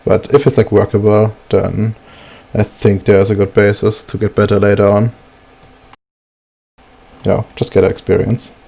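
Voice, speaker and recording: A man's voice: on the low side, little pitch movement, moderate pace, gravelly, long pauses, dark tone, slightly rough. A man hosting a tabletop game stream, talking casually and hesitantly with lots of fillers. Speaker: game master and stream host.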